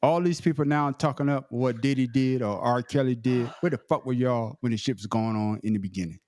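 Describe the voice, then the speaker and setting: A man co-hosting a casual podcast, his voice sitting at an ordinary middle pitch and sounding dry and close to the mic. He gets loud and excitable and swears freely. He often repeats words while he finds his sentence. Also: brisk, dry recording. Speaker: podcast co-host.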